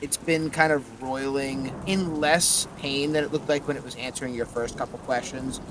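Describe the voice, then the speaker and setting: A man narrating a tabletop role-playing game as game master, in slow, vivid, descriptive narration. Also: mid-range voice, steady tone, background noise.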